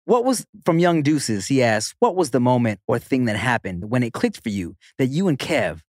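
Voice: medium pitch, very animated, normal speed, darkish tone, no echo, clean studio sound. A podcast host in casual chat, reading out listener questions and reacting with laughs.

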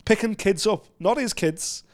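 A man co-hosting a casual fight-sports chat, gushing and excitable, quick to heap praise on fighters. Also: high voice. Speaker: podcast co-host.

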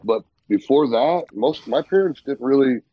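A man's voice: mid-range voice, lively intonation, normal speed, dry recording, lo-fi sound. A man in casual podcast chat, reminiscing agreeably about childhood. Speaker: podcast co-host.

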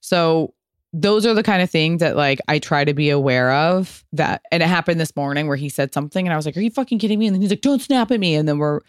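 A woman's voice: deep voice, quick pace, clean tone, no echo. Woman host, 30s, solo podcast, blunt and profane, clean dry close-mic sound. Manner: candid, profane, animated storytelling. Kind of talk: casual solo podcast answering listener questions.

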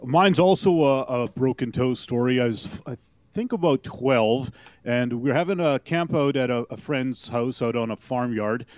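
A man's voice: medium pitch, moderate pace, a little mellow, no echo. A male radio co-host telling a rambling personal anecdote in a casual, chatty way. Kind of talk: casual storytelling on talk radio.

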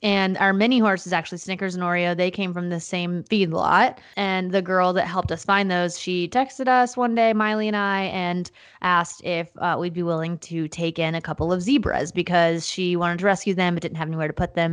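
A young woman co-hosting a podcast, chatting casually and laughing easily as she talks in quick bursts. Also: lowish voice, clean tone. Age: young adult. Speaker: podcast co-host. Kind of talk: casual chat.

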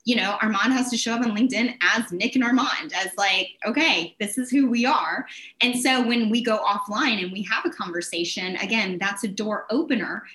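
A woman guest in an interview, giving sales advice in an energetic, animated way with quick bursts. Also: medium pitch, low-quality recording.

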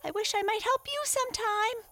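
A woman voicing a small, eager young male turtle in a storybook, with high, excited cries. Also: normal speed, exaggerated voice. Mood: earnest.

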